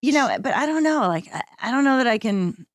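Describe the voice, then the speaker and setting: A woman's voice: on the high side, animated, brisk, dry recording, studio quality. A woman co-hosting a comedy podcast in casual chat. She rambles through her thoughts and interrupts herself, tagging lines with "okay?". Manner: rambling, self-interrupting, keeps asking "okay?". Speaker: podcast co-host.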